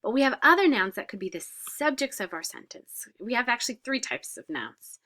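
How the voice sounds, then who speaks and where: Lady teaching french grammar, pitch jumps around a lot, patient, says uh a lot. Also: very animated, brisk, sharp tone. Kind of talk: recorded grammar lesson.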